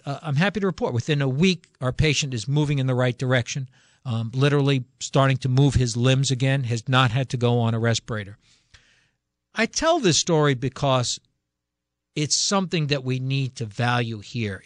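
A man's voice: mid-range voice, a bit bright, no echo, studio quality. A middle-aged man hosting a radio health show as a physician, talking casually with frequent fillers and restarts. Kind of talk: casual talk radio monologue. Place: radio studio. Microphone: studio radio mic.

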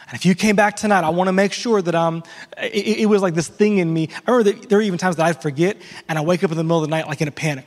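High-pitched guy preaching, chatty sermon w lots of restarts, big echoey church hall. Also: fast. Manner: conversational preaching with repeated restarts and acted asides. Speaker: pastor.

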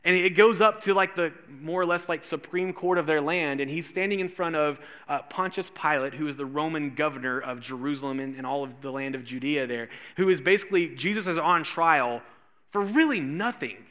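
A man preaching a sermon, telling a funny personal story and acting out the voices in it with lively energy. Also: fairly high pitch, fairly quick. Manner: animated storyteller acting out quotes. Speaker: pastor.

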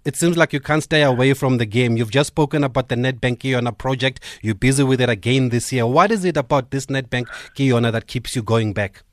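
Radio host, dry studio sound. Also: male voice, medium pitch, dry recording. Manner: polite, courteous, many "uh" pauses. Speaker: radio sports show host. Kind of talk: radio interview.

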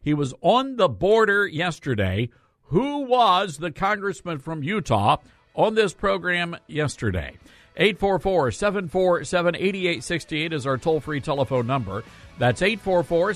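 A man hosting a radio talk show, upbeat and jokey, often filling pauses with uh. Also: a little high, very animated, a bit bright, soft background music. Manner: jokey, upbeat, many filler uhs. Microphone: studio mic.

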